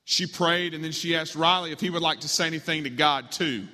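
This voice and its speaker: A man's voice: on the high side, fairly quick, pushed and bright. A man preaching, telling a story dramatically as part of a sermon, in a large hall with long reverb.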